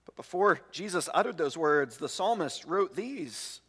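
High, bright-voiced pastor in echoing sanctuary. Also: male voice, big pitch swings, slightly rough. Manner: earnest, slows down and stresses key words. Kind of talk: sermon. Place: church sanctuary.

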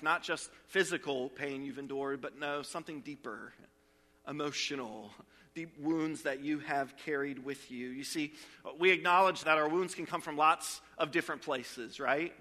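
A man's voice: a little high, pushed and bright, in a large hall. A man in his thirties, a pastor preaching a sermon in a conversational, storytelling way.

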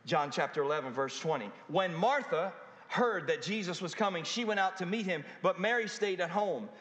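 A man with a high, light voice preaches a sermon from the front of a church. He stretches words out, lets pauses hang and throws rhetorical questions at the congregation. His voice rings through a roomy sanctuary with a long, echoing tail. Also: lively intonation, fairly bright tone. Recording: echoey hall with long reverb.

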